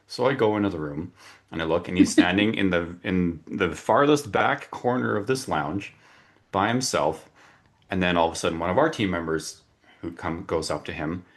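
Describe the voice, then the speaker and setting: A man hosting a webinar on a video call, chatty and full of fillers and restarts. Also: sits low. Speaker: webinar host. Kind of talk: casual webinar introduction.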